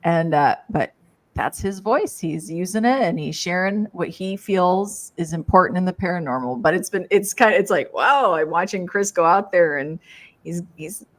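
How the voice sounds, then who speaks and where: A woman's voice: lowish voice, expressive, moderate pace. A woman co-hosting a casual live stream, bubbly and upbeat as she greets viewers by name and plugs their shows. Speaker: co-host of a live paranormal network show.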